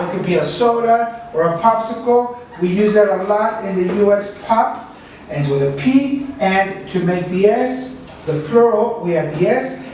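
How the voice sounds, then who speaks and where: Male teacher drilling plurals at a slow pace, recorded from a distance in a very echoey classroom. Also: high voice, darkish tone, slight background noise. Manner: slow, careful, repeats words for drilling. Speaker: English teacher. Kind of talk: classroom pronunciation lesson. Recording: echoey room, mic at a distance.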